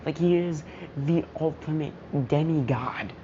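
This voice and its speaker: Her voice low and her pace unhurried, a woman casually relates a fan story full of slang and self-mockery. She frequently loses track of what she was saying, and the muffled lo-fi recording carries steady background noise.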